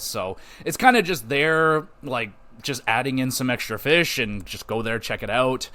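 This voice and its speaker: A man's voice: mid-range voice, normal speed, bright, forceful tone. A man hosting a podcast, giving a loose, rambling spoken game review with casual swearing and lots of fillers.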